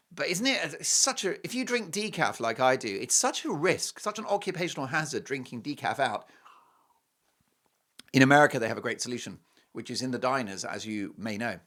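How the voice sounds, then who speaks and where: A middle-aged man hosting a talk show, joking through an animated, self-mocking monologue that swings between loud bursts and hushed asides. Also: mid-range voice. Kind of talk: comic monologue.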